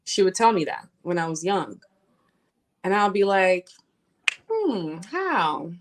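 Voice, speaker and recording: A woman's voice: fairly low pitch, normal speed, background noise. A young adult woman from Nigeria, a podcast guest talking casually and reflectively. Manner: reflective, leans on "you know what I'm saying".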